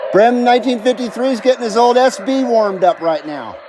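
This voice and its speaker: A man's voice: extremely high pitch, animated, brisk, noisy background. A man in his fifties hosting a CB radio live stream, chatting casually and jokingly with viewers and calling out on the air. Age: 50s. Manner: laid-back, jokey, talks to viewers and calls out on air. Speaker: CB radio livestream host.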